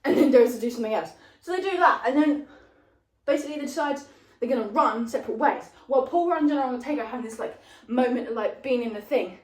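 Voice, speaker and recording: Young woman, high-ish voice, chatty rambling retelling, recorded on a phone across an echoey room. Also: fast talker, recorded from a distance. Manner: rambling and animated, with lots of fillers. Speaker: vlogger retelling a film plot. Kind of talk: casual rambling plot retelling. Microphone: phone propped up at a distance. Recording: roomy, voice off the phone mic.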